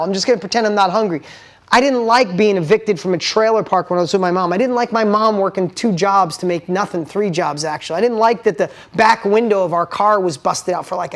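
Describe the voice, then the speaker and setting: A middle-aged man, a motivational speaker, tells a personal story with emphatic swings from hushed to loud, swearing for emphasis. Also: high voice.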